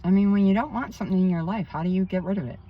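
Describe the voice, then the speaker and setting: A woman's voice: medium pitch, very fast, muffled recording. A woman working as a spiritual counselor, talking in a rambling personal vlog outdoors by a pond, emphatic with indignant asides.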